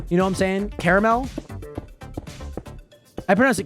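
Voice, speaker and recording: A man's voice: high-pitched, moderate pace, pauses often, fairly bright tone. A man from Spokane, Washington, livestreaming in casual chat. He reacts to his viewers in a rambling, filler-heavy way and laughs often. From Spokane, Washington, USA. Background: music.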